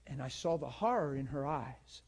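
A man preaching a sermon, emphatic, swinging between raised and hushed delivery. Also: mid-range voice, animated, moderate pace, husky.

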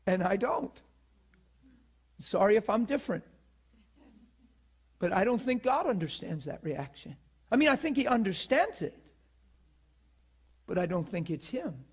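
A man in his forties preaching with fervor, his voice sitting very high for a man. He throws out rhetorical question after question and acts out quoted pleas. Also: very animated, a little slow, long pauses, breathy edge. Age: 40s. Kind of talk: sermon.

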